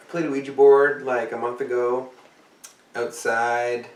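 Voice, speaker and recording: A man's voice: mid-range voice, fairly even intonation, moderate pace. Tired guy rambling and swearing on his vlog, kinda far from the mic, echoey room. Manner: rambling, profane and jokey. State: tired, yawning. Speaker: vlogger.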